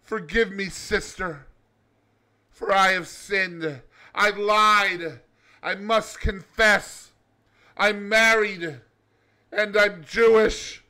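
A man's voice: high-pitched, very slow, voice pushed up, exaggerated voice. A man voicing an eager, guilt-ridden male cab driver in a joke, in a raised, pleading voice. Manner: excited, pleading.

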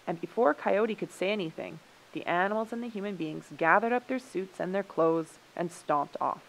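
A woman narrating a children's story aloud for a radio show in an expressive, gently paced way. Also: fairly low pitch, normal speed, vocal fry, hardly any pauses, poor audio.

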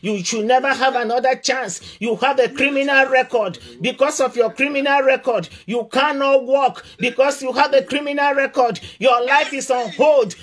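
A man preaching a sermon with passion, repeating phrases and rising to shouts. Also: very high voice. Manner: impassioned, repeats phrases for emphasis, often rises to shouting.

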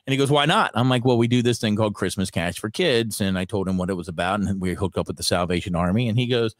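A middle-aged radio personality telling stories in a relaxed interview, acting out the voices of people he quotes. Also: lowish voice, fast, no room sound, clean studio sound. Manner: animated, acts out quoted dialogue. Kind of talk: conversational storytelling.

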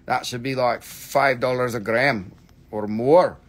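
A man hosting a live sales stream, excitable and theatrical, swearing freely as he gushes over the goods. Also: mid-range voice, slow. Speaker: live-stream seller, host.

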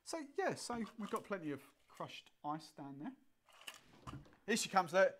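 A woman's voice: lowish voice, sing-song, a little slow, a little hiss or hum. A woman hosting a live cocktail show, chatting and joking easily and laughing often. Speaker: host and cocktail instructor. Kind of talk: casual live-stream chat.

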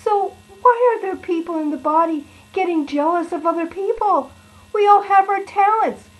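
Woman playing a playful high-voiced preaching lion. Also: moderate pace, low-quality recording. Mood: preachy. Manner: playful, sing-song, exaggerated. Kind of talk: children's sermon in character.

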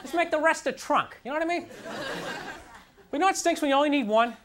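A crowd is audible behind a young man doing stand-up in a TV studio, recorded as a 1990s broadcast with audience laughter and noise. He talks fast in a very high voice, ranting in a frustrated, self-mocking way and saying "like" and "you know" over and over to the live audience.

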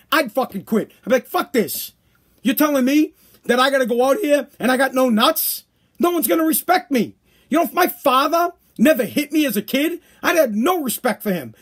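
A man hosting a solo podcast, delivering a heated, profane monologue and acting out the people he quotes. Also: sits high. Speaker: podcast host.

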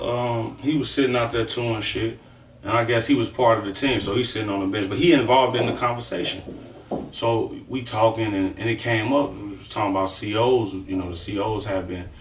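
A man's voice: on the low side, slight background noise. A middle-aged man casually recounting a story, rambling and profane, often checking in with the listener as he goes. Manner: profane, rambling, keeps saying "you know what I'm saying". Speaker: storyteller recounting prison life. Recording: roomy sound, mic at a distance.

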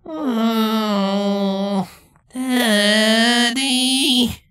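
A man voicing a sleepy, whiny young male changeling nymph in a storybook reading, halting and stumbling over words. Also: very high voice, fairly even intonation, bright, forceful tone, smooth, pitched above the performer's own voice, full character voice. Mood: whiny groggy. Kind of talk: fanfiction reading.

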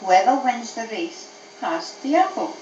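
A woman voicing a clever grey donkey in a storybook, talking in a brisk, coaxing way, heard from an old cassette tape. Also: fairly high pitch, animated, darkish tone, a little hiss or hum. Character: wise cheeky grey donkey. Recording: echoey, distant, dull old cassette tape.

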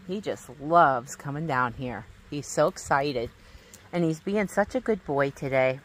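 Woman vlogger, unhurried, low voice, coos at her dog; phone recording with loud background noise. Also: expressive. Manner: high sing-song baby talk to her dog. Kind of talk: casual chat with her dog. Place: outdoors by water and in a van. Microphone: handheld phone.

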